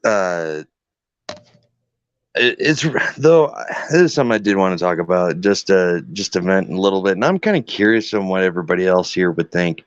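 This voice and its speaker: Low-voiced male guest, animated swearing storyteller, dry muffled call audio. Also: quick pace, hardly any pauses, smooth, no echo. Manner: animated storyteller, acts out dialogues, swears freely. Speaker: guest caregiver. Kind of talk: casual chat. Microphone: online call.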